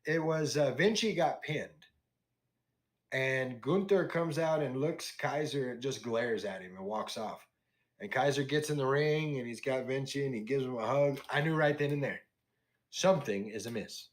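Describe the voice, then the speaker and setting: A man's voice: mid-range voice, normal speed. A man casually recapping wrestling on a podcast, acting out the wrestlers' lines as he tells it. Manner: animated storytelling, acts out wrestlers' lines. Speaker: podcast host.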